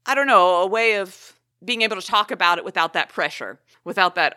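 A young woman from the American South talks on a podcast, chatty and animated and quick to laugh. Her voice is bright and forceful, and it sounds close and dry, with no room echo. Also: medium pitch. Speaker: podcast co-host. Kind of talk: casual podcast conversation.

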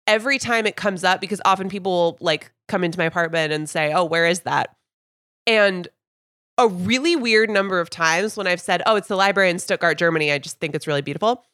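A woman's voice: fairly low pitch, a bit bright, dry recording, studio quality. A young woman podcast host telling a rambling anecdote in casual sports chat. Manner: chatty, rambling anecdotes with fillers.

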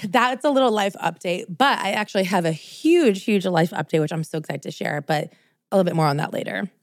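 A woman's voice: fairly low pitch, a little fast, dry recording, studio quality. A woman in her thirties co-hosting a podcast, chatting casually and animatedly with frequent laughs. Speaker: podcast co-host. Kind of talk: casual chat.

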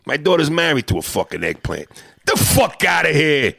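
A man's voice: on the high side, sing-song, moderate pace, vocal fry, bright, forceful tone, slightly rough, no room sound, studio quality, pitched above the performer's own voice, full character voice. A man voicing a brash, swaggering old-school tough guy.

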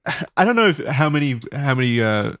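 A young man in his twenties talks loosely on a podcast, with an average pitch. He rambles through his story with plenty of fillers and little laughs. The sound is dry and close. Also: very animated, fairly quick, fairly bright tone, no room sound. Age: 20s. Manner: laid-back, rambling with frequent fillers and laughs. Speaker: podcast co-host. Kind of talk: casual chat.

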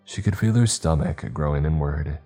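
A man narrating a story in a steady, measured reading. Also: extremely low pitch. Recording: faint background music.

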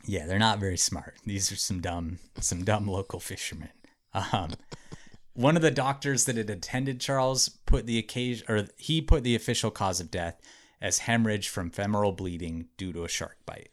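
A man's voice: on the low side, normal speed. A man hosting a podcast, telling a true story to friends in a chatty way, with lots of "like" and "um". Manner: chatty, hedging with frequent "like" and "um". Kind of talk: casual storytelling narration.

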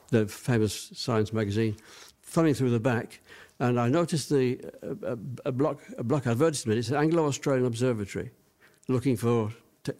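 An older man recalls his past for an interviewer in an ordinary mid-range voice. He wanders through his story, pausing on fillers and restarting sentences as the memories surface. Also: mid-range voice, a little mellow. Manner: rambling reminiscing with many fillers. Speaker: interview guest.

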